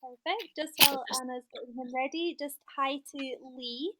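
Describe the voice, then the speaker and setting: A woman with a fairly high voice reads a prepared explanation in an even, informative way. She co-hosts a live shop chat and turns warmly to thank viewers for their comments. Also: normal speed, rough recording. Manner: steady, informative, friendly to viewers. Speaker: shop presenter. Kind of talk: reading a prepared script.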